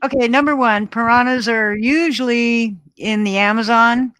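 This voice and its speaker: A woman's voice: a little high, fairly even intonation, moderate pace, a bit bright, no echo. A woman in her sixties chatting casually on a live stream, rambling a little and laughing often. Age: 60s. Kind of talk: casual chat.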